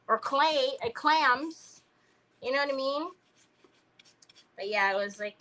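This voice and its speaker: Chatty bright-voiced woman in her fifties. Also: a little high, slow, long pauses, low-quality recording. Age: 50s. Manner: chatty, rambling, addresses viewers as y'all. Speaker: crafting livestream host. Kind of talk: casual storytelling while crafting.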